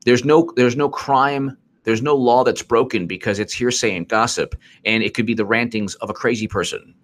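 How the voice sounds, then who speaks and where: A man's voice: mid-range voice, steady tone, normal speed, slight background noise. A man hosting casual political commentary on a live stream, repetitive and sarcastic, often exasperated.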